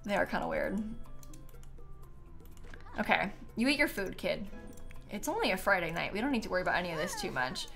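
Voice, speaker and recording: A woman's voice: fairly low pitch, expressive, fairly quick, gravelly, pauses often, fairly bright tone, soft background music. A young woman from Florida, a streamer chatting casually while she plays, rambling and laughing often. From Florida, USA. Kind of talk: casual chat while playing a game.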